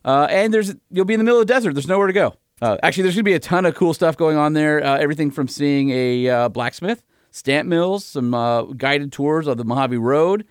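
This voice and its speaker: A man hosting a podcast who reads sponsor ads live in an upbeat, brisk way and teases his co-host in casual chat. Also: a little high, clear, resonant tone, dry recording, studio quality. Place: small cramped room.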